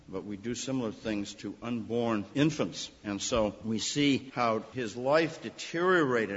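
A man's voice: mid-range voice, husky. A man preaching a sermon to his congregation, earnest and emphatic, stressing key words. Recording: long reverb, muffled lo-fi sound.

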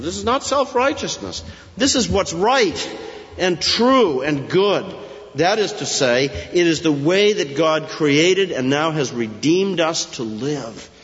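A middle-aged male pastor preaching an expository sermon, with emphatic rises and quick asides. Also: a little high. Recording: muffled, lo-fi sound in a reverberant hall.

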